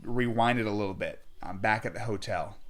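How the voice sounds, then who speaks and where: A man's voice: lowish voice, brisk. A man on as a guest, telling a long story in a casual, rambling way, full of filler words.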